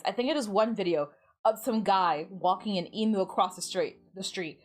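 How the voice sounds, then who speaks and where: A woman's voice: medium pitch, expressive, a little slow, pauses often, faint music behind. A woman from the United States chatting casually while gaming on stream, giggling often and rambling through lots of filler words.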